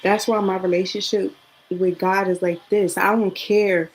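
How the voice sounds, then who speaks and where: A young woman talks straight to camera in a personal vlog. Her pitch sits in the middle, and her delivery is earnest and casual. She repeats phrases and now and then drops to a whisper. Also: level tone, normal speed, a little hiss or hum, rough recording. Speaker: vlogger. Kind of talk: emotional personal vlog monologue.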